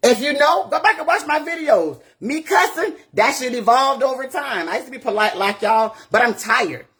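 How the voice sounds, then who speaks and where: A woman's voice: high-pitched, expressive, moderate pace, fairly bright tone, husky. A woman community activist from Florida, ranting bluntly and profanely on a live phone video and firing off rhetorical questions. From Gainesville, Florida. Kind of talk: impassioned live-video rant.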